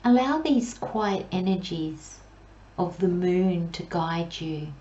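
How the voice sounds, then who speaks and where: A woman gives a pick-a-card tarot reading, her mellow voice unhurried and soothing, with long pauses and soft near-whispers. The recording sounds slightly dull and lo-fi. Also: lowish voice, animated, roomy sound. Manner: slow, gentle, soothing delivery with drawn-out pauses. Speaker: tarot reader.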